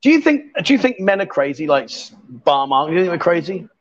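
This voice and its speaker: A man's voice: high-pitched, sing-song, a little fast. A man hosting a casual live-stream chat, teasing his guest and reading out viewer comments. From England. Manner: teasing, jokey, reads out comments. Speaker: host. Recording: dull lo-fi stream audio.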